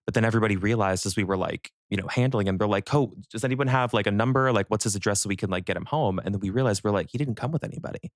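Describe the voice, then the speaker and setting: A young man co-hosting a podcast, telling a story in a relaxed, rambling way with lots of fillers. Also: on the low side, very fast, hardly any pauses, no room sound, studio quality. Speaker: podcast co-host. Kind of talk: casual chat, storytelling.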